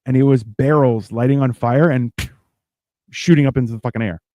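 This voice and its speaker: A man's voice: mid-range voice, steady tone, fairly quick, highs cut off, slight background noise. A man co-hosting a live stream, telling stories in a casual, profane, laughing way. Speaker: co-host. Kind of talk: casual storytelling chat.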